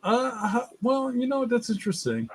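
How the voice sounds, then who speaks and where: A man's voice: very high voice, sing-song, normal speed, husky. A man chatting easily as a guest, laughing along often. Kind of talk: casual chat.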